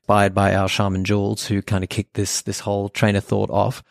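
Man, low voice, podcast co-host, calm and reflective, dry mic. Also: fairly quick, creaky, dry recording. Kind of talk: casual podcast chat.

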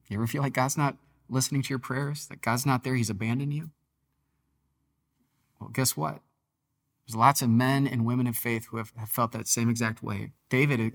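A man preaching a devotional sermon on a podcast, talking earnestly and conversationally, sometimes reading with dramatic emphasis. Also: medium pitch. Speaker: pastor.

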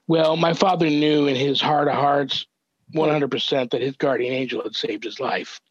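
An older man, a reverend, earnestly recounting a family story as a podcast guest, measured and thoughtful with small restarts. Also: medium pitch, fairly even intonation, no echo. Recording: dull, dry lo-fi audio.

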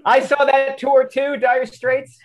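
A man co-hosting a podcast, telling animated stories and acting out what people said. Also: extremely high pitch, takes it slowly. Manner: animated storyteller, acts out quotes. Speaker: podcast co-host. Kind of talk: casual chat.

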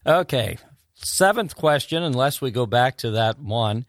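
A man hosting a podcast, friendly and easygoing, quick to laugh with his guest. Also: mid-range voice, animated, dry recording, studio quality. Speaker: podcast host. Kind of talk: casual interview chat.

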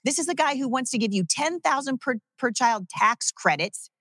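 A woman from Southwest Washington state running for Congress speaks as a guest in a campaign talk-show interview, emphatic, indignant and rapid-fire. Her high-pitched voice is a bit bright with lively intonation, in clean studio sound with no echo.

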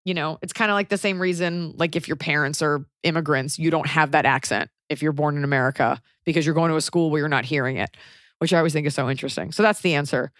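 A woman's voice: low-pitched, fairly even intonation, fast, fairly bright tone, dry recording, studio quality. A woman with a Texan accent, co-hosting a podcast in a rambling, chatty way with lots of fillers. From Texas. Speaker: podcast co-host. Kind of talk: casual podcast chat.

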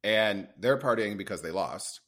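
A man in his thirties with a fairly low voice tells a story in a relaxed podcast chat. He talks with animation and fast bursts, and he acts out other people's lines as he goes. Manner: animated, quick storyteller who acts out quotes. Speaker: podcast guest.

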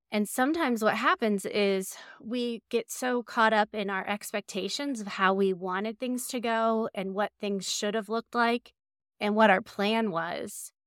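A woman from Ohio talks through her coaching advice in an earnest, reflective way. Her voice sits in a middle pitch. It sounds dry and close, with no room around it. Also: fairly bright tone, clear, resonant tone, no echo. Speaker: guest, coach. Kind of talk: conversational interview advice.

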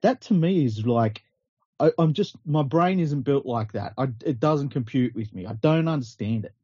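Incredulous, sweary podcast host. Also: male voice, mid-range voice, lively intonation, moderate pace, dark tone, husky, dry recording. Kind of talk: casual podcast chat. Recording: dry, dull lo-fi podcast audio.

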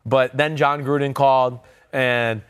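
A man's voice: medium pitch, fairly even intonation, measured pace, clean tone, dry recording. Brief: man in his 40s, interview guest, storyteller voice, dead dry studio sound. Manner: storytelling, acts out quotes from others. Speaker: former NFL quarterback, guest. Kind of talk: casual interview talk.

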